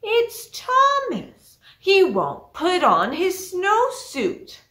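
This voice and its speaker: A woman voicing an exasperated schoolteacher who gives slow, insistent commands in a children's storybook reading. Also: very high-pitched, wildly swooping pitch, bright, forceful tone, pitched above the performer's own voice, exaggerated voice. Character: bossy schoolteacher losing her temper. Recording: echoey library room.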